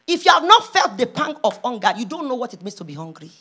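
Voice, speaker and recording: A pastor's wife preaching a sermon, moving from hushed storytelling to loud, impassioned calls. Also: female voice, fairly high pitch, very animated, fast, husky.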